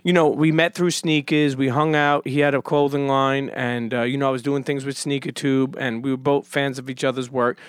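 A man's voice: medium pitch, little pitch movement, normal speed, few pauses, smooth, no room sound, clean studio sound. A man hosting a casual podcast, telling a long story in a rambling, profane way with lots of restarts. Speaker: podcast host.

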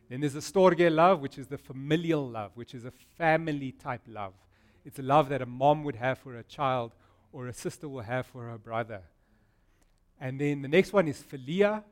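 High-voiced man preaching playfully. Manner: playful, keeps asking the congregation "right?". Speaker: pastor. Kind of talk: sermon. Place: church service with a live congregation.

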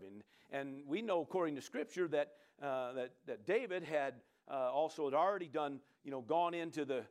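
A man with a notably high voice delivers a sermon. He talks to his listeners in a loose, conversational way, stopping often for quick asides and checks that they follow. His delivery stays animated throughout. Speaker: preacher.

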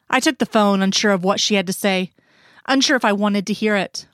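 Woman narrator, measured storytelling, mid pitch, dry close mic. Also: a bit bright, dry recording. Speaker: reader.

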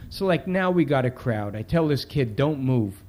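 A man's voice: mid-range voice, animated, moderate pace, a little mellow, a little hiss or hum, close to an everyday voice. A man reading aloud in the voice of a brash, defensive city cop telling a story in street slang. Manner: tough street slang, profane, rambling.

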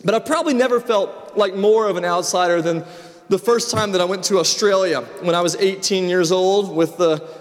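A man's voice: sits high, moderate pace. A middle-aged man, preaching a sermon and telling personal stories in a conversational way with frequent restarts. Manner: storytelling, conversational with repeated restarts. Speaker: pastor. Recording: long reverb of a large hall.

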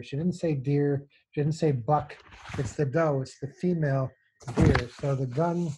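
A man with a mellow, somewhat higher voice, working through a poem line by line and restarting his sentences as ideas come. A faint hiss sits under the recording. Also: highs cut off. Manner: engaged and animated, with repeated restarts. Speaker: poetry editor. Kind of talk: conversational discussion of poetry.

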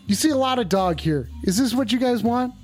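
A man hosting a livestream call-in show, talking to his chat in a rambling, exasperated, profane way, stretching some lines out and rushing others. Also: very high-pitched, expressive, darkish tone, soft background music. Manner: profane, exasperated, scolding viewers; drawn-out emphatic lines mixed with quick asides. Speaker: livestream host taking call-ins.

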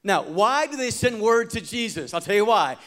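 A man preaching a sermon as pastor, swinging from loud emphasis to hushed tones and calling on the congregation to respond. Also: sits high, very animated, normal speed.

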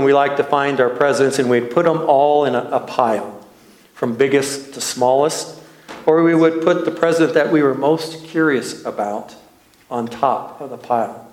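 A man from Texas, a minister, telling a slow, nostalgic childhood story as a sermon with light laughs. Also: mid-range voice, reverberant, rough recording.

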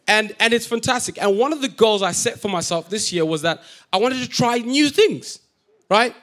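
A man's voice: high voice, normal speed. A man preaching a sermon in a church, telling a funny personal story, joking and acting out what people say. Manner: animated, joking, acts out quotes.

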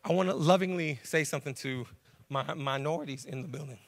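A man preaching a sermon as pastor, animated in his storytelling, and he has a cold. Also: fairly high pitch, fairly quick, creaky.

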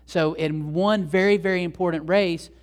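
Male pastor preaching in a slightly high voice. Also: steady tone, normal speed. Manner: conversational storytelling with asides to the congregation. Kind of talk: sermon.

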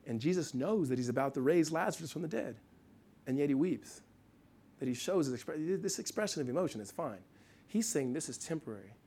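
A middle-aged man from the United States delivers a sermon in a high, light voice. He talks in a loose, conversational way, with restarts and asides. His level swings between loud, pressing points and quiet, hushed passages. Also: fairly quick, slightly rough. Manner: animated preaching with wide swings from loud to hushed. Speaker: pastor.

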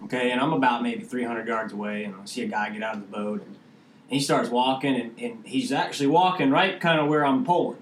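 A man's voice: medium pitch, quick pace, roomy sound, distant mic, a little hiss or hum. A man hosting a casual fishing podcast, telling rambling stories with lots of fillers. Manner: rambling storyteller, many fillers. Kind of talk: casual chat.

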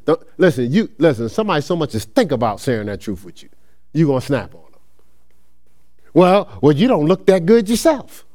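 Animated high-voiced male preacher. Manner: animated, conversational, acts out quick dialogues, laughs often. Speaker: pastor. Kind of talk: lively preaching sermon.

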